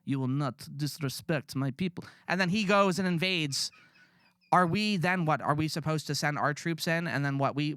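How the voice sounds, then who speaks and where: A man's voice: a little high, pushed and bright, clean tone, no echo, studio quality. A man ranting bluntly and profanely in casual podcast chat. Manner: blunt, profane, rambling rants. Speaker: podcast co-host.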